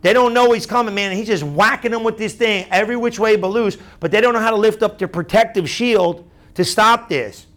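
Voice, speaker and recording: A man pastor preaching a sermon through a story, chatty and animated, often asking the crowd "right?". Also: sits high, brisk.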